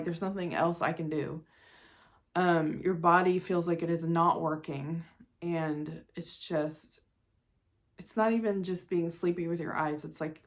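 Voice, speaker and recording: A woman in her forties, possibly, chatting candidly and emotionally to her viewers in a casual vlog, laughing at herself now and then. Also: low voice. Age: 40s. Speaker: vlogger. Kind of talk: casual personal chat to camera.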